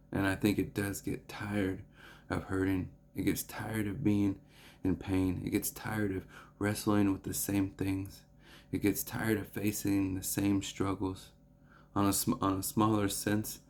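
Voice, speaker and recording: Low gravelly man, flat earnest delivery. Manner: earnest, halting, with frequent restarts and fillers. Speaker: preacher. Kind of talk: devotional Bible reading and reflection.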